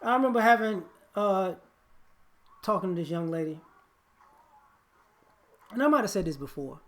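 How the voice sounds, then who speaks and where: A man's voice: high voice, expressive, normal speed, a bit bright. Man, blunt lecturing monologue, preachy, repetitive, restarts phrases. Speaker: relationship commentator.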